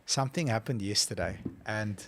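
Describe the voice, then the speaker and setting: A man co-hosting a casual podcast, telling a story with lively acted-out phone calls. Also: on the low side, normal speed, slight background noise. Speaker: podcast co-host.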